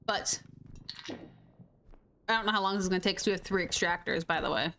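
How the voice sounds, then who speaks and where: A woman's voice: mid-range voice, fairly even intonation, fairly quick, sharp tone. A young adult woman streaming a game, chatting casually and playfully with her viewers. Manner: playful, giggly, chatty with chat. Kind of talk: casual live-stream chat. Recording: noisy stream audio.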